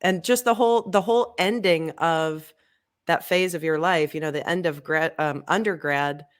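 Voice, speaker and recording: A woman with a deep, clear, resonant voice speaks at a moderate pace. She's a marketing agency owner on a podcast, sharing her story in a relaxed interview and acting out conversations from her past.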